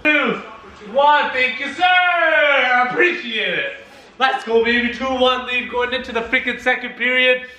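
A man reacting live to a hockey game, shouting, cheering and swearing. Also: very high-pitched, little pitch movement, normal speed, reverberant.

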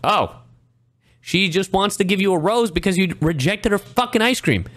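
A young man reacting to a video, sarcastic and profane, jumping between high mock-cheerful lines and low deadpan asides. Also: moderate pace, over loud music. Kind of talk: casual reaction commentary.

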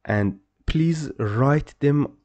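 A male language teacher who takes his time, speaking slowly and leaving long gaps between phrases. He gives each word more than once in a patient, explaining way. His voice is dark and mellow. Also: medium pitch, muffled recording. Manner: slow, repeats words, patient explaining. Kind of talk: pronunciation lesson.

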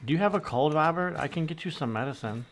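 A man's voice: fairly high pitch, animated, quick pace, noisy background. A man giving crude, mock-friendly gameplay commentary, taunting other players and exclaiming whenever he gets surprised. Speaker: gamer streamer. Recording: gameplay audio with gunfire behind. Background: game gunfire and explosions.

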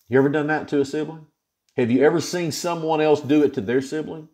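A man's voice: on the high side, fast talker, a little mellow. A male pastor teaching an informal Bible study, retelling scripture in a folksy, plain-spoken way.

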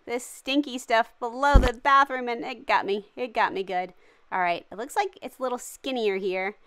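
A woman's voice: medium pitch, a bit bright, clean tone. A woman hosting a gaming channel, giving cheery, jokey and dramatic running commentary as she plays. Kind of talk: playful game commentary.

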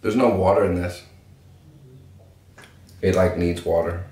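A man's voice: low voice, steady tone, unhurried, a little mellow. Brash swearing man in an echoey room. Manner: brash, joking, swears a lot. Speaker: cannabis strain reviewer. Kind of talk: casual profane review chat. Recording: echoey room with faint noise.

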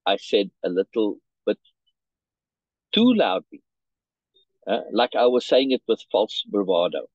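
Male teacher on a video call, reading a story aloud and unpacking it; slightly husky, repeats himself, dry sound. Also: fairly low pitch, lively intonation, a little slow, long pauses, a little mellow, no room sound, muffled recording. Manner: checks in often with "right?"; restarts and repeats words. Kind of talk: reading a story and explaining it to a learner.

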